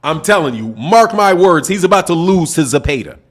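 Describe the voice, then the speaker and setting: A man's voice: on the high side, very animated, fairly quick. A man hosting a live boxing stream, talking emphatically in casual slang, repeating himself and answering viewers' chat. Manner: emphatic, repetitive, slangy, talks back to chat. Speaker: boxing channel host.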